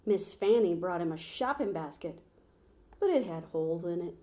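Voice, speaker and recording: A woman teacher reads a picture book aloud to children. She tells the story in a lively, expressive way, lifting her voice at the exciting parts. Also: mid-range voice, moderate pace.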